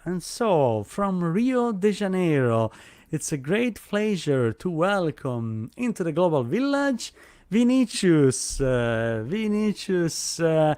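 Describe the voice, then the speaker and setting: A man's voice: fairly high pitch, a little mellow, no room sound, studio quality. A man hosting a live online event over a video call, speaking English as a with frequent fillers and restarts. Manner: hesitant, many fillers and restarts. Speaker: host.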